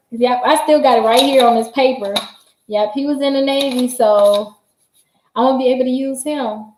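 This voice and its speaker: A woman hosting a casual livestream, chatty and excitable, laughing often and talking straight to her viewers. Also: high voice, normal speed, slight background noise. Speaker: credit repair livestream host. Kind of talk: casual livestream chat reading viewer comments. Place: her office. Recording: roomy echo.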